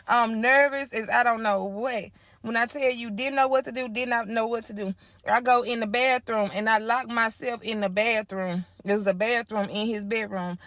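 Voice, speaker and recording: A woman's voice: on the high side, a bit bright, no echo, clean studio sound. A woman telling her own story in casual storytime style, chatty and repetitive, talking straight to her listeners. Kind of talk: casual first-person storytime.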